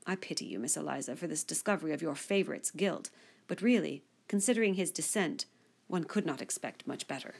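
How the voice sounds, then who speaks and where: A woman's voice: fairly low pitch, moderate pace, vocal fry, hardly any pauses, a little mellow, slightly rough. A woman reading as a sneering society lady. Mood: disdainful. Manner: civil disdain, condescending. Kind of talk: audiobook character reading.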